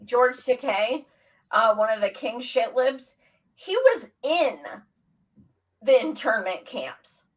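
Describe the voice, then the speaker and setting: A woman's voice: a little high, lively intonation, slow pace, distant mic, rough recording. A woman co-hosting a casual political chat, blunt and heated, who swears a lot. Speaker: co-host.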